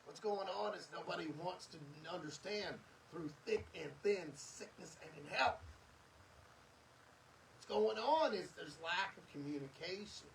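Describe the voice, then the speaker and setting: A man's voice: high voice, unhurried, gravelly, a bit bright, recorded from a distance, slight background noise, rough recording. A middle-aged man hosting a podcast, giving an earnest, preachy motivational monologue with lots of emphatic repetition. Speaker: podcast host.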